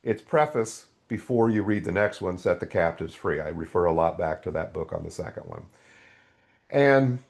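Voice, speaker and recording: An older man with a low voice tells stories as a guest on a podcast. His pitch rises and falls in broad swings. He keeps acting out the dialogue with real animation. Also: moderate pace, creaky. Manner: animated storytelling with quoted dialogue. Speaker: guest, author. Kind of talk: podcast interview.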